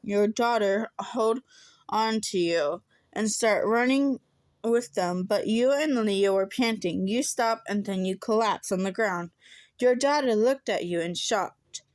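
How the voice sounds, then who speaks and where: A woman reading her fan story aloud into a phone, halting, correcting herself and adding giggling asides. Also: medium pitch, no echo. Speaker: fan fiction reader.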